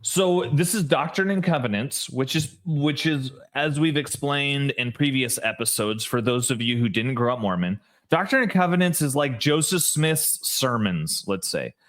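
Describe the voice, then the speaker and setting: A man's voice: mid-range voice, moderate pace, hardly any pauses. A man co-hosting a podcast, telling stories in casual chat with lots of "like" and restarts. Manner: animated storyteller, lots of "like" and restarts. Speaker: podcast co-host.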